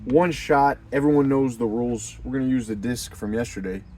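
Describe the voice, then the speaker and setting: A young man hosting a men's community video, talking casually and bluntly, calling the listener dude, with loud emphatic bursts. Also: medium pitch, a little fast, a little hiss or hum. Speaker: host of a men's community channel. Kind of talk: casual unscripted monologue.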